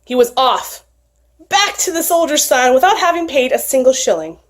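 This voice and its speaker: Lady telling a folk story, super expressive, highish voice. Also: moderate pace. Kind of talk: folktale storytelling.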